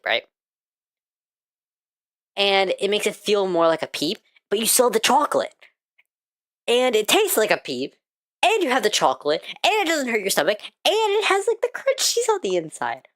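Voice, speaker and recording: An American woman streamer in casual live-stream chat while gaming, ranting excitably and swearing freely. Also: mid-range voice, unhurried, no room sound. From United States.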